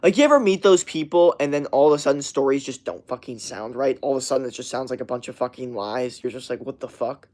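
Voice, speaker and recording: A man's voice: medium pitch, fast, hardly any pauses, a little mellow. A young man streaming a casual rant to his chat, swearing constantly and rambling with many fillers and restarts.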